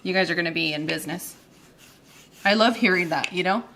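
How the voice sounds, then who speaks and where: Bright-voiced woman in her thirties hosting. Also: on the low side, fairly quick, a little hiss or hum. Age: 30s. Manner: chatty and giggly, counts aloud while working. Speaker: cooking channel host. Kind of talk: casual cooking demonstration. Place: home kitchen.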